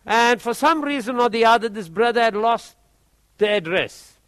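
A man preaching, telling a testimony story in an animated way and often repeating his words. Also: very high voice, normal speed, no room sound.

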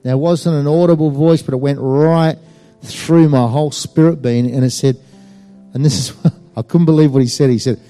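Male speaker, warm-toned, emphatic testimony with lots of ums, soft music bed. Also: a little high, moderate pace. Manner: animated and emphatic, with many fillers. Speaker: speaker giving a personal testimony. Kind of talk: storytelling testimony.

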